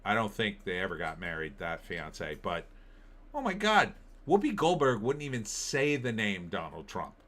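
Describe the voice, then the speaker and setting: A man's voice: low-pitched, animated, normal speed, few pauses, fairly bright tone. A middle-aged man hosting a casual live-stream, rambling and opinionated as he reacts to entertainment headlines and viewer comments. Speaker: political commentary host.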